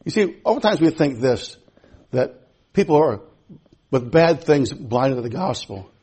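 A man preaching a sermon in a church, impassioned and repetitive, swinging from loud to hushed. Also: medium pitch, lively intonation, measured pace, breathy edge. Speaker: pastor.

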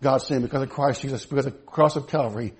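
A pastor delivers a fast-paced sermon to his church. He shifts between low, quiet stretches and loud, high-pitched moments of laughing emphasis.

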